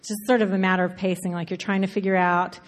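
A woman author from Alabama with a faint Southern accent, talking through her writing in a relaxed interview, full of fillers and quick laughs. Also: on the low side. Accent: faint Southern American. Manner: chatty, frequent fillers and self-interruptions, laughs often. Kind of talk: conversational interview, thoughtful. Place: live event before an audience. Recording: reverberant hall.

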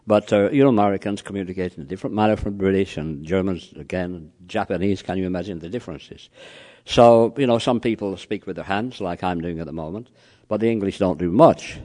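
A man with a low, darkish voice lectures a live audience on cross-cultural communication. He tells anecdotes, quizzes the room, and fills his talk with frequent "you know"s.

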